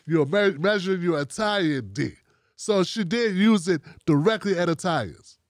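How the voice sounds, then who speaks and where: A man with a high-pitched voice hosts his own talk show. He speaks bluntly and casually and swears freely. The sound is dry and close, with no room echo. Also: moderate pace. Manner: blunt, profane and animated, talking straight at the audience. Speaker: show host.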